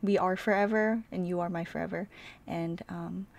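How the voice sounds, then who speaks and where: A woman's voice: on the low side, steady tone, moderate pace, gravelly. A woman hosting a casual fan reaction vlog, gushing and giving playful mock speeches with some swearing. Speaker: reaction video host.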